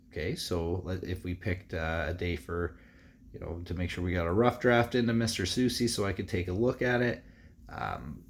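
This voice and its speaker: Male teacher, lowish voice, easygoing recorded lesson for young students, reads aloud with big expression. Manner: relaxed, chatty, with frequent fillers.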